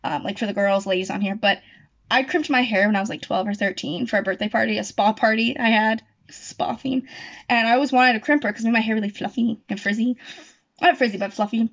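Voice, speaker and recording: A woman's voice: on the high side, quick pace, a bit bright. A young woman chatting casually at home, rambling and correcting herself as she goes. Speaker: YouTuber. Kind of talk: casual chat. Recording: dull lo-fi recording.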